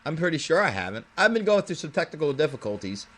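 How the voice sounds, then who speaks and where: A man's voice: a little high, very animated, fast, fairly bright tone. A man hosting a casual internet radio show, rambling and profane, laughing often.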